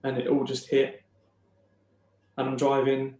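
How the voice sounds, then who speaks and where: Podcast guest, young man; flat, halting, emotional storytelling in a roomy space. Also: medium pitch. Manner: halting, emotional retelling with many restarts. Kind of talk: personal storytelling.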